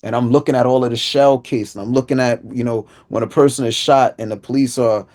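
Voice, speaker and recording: A man speaks at an ordinary pitch, telling a personal story as an inspirational speaker. He tells it vividly and acts out the voices of the people in it with street slang. At the heavier moments his voice sinks low and quiet. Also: fairly even intonation, a little fast.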